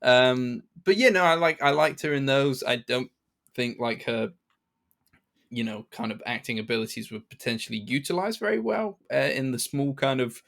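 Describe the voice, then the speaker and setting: Speaking at a moderate pace in a mid-range voice, this podcast co-host has vocal fry and a fairly bright tone. He talks casually about a film, hesitant, with lots of fillers and sentence restarts.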